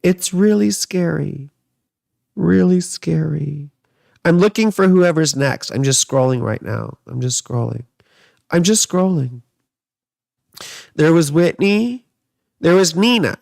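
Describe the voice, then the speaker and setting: A man's voice: a little high, animated, a little slow, creaky, long pauses, darkish tone, dry recording, studio quality. A man giving a casual, rambling horoscope reading from his living room, chatting and drifting between topics. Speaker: astrologer and tarot reader.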